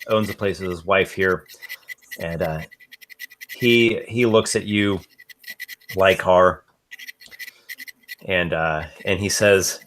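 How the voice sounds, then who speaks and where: A man narrating as game master in a tabletop game, halting, with many fillers and restarts. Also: low-pitched, steady tone, a bit bright.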